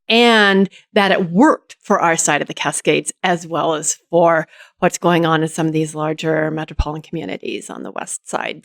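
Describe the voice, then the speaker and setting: A woman mayor from Oregon, US, appears as a guest and answers interview questions by methodically breaking a problem into its parts. Her voice sits fairly low. The studio-quality recording is dry.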